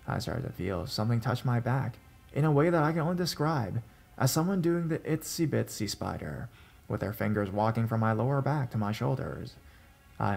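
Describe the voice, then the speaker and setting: Male horror narrator, gravelly voice, measured and suspenseful scripted read. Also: fairly low pitch. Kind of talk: scripted first-person narration.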